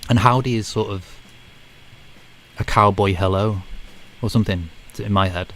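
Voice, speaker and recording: A man's voice: lowish voice, steady tone, normal speed, a bit bright. A man with a Northern English accent near Scouse, chatting casually with viewers while gaming, easygoing and full of "like" and "you know". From North of England. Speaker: game streamer.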